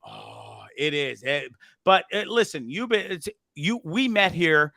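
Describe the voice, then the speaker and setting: A man's voice: a little high, animated, measured pace, vocal fry, pushed and bright, no room sound. A man hosting a casual interview, rambling and swearing freely. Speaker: host. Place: bar in Nicaragua.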